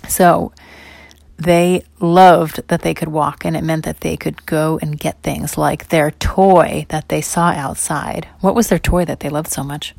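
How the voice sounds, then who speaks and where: A woman telling a children's bedtime story in a lowish voice. She swings from loud, eager emphasis into soft whispers. The sound is dry and close. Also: steady tone, a little slow, creaky, dry recording.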